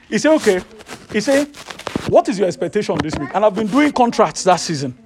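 A man with a Nigerian accent preaching a sermon, telling a personal story in an animated, rising voice. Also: sits high, a little fast, slight background noise. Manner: animated, rises to loud excited storytelling.

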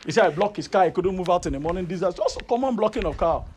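A man with a Nigerian accent preaching a sermon, telling a personal story in an animated, rising voice. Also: high voice, racing, slight background noise. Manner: animated, rises to loud excited storytelling.

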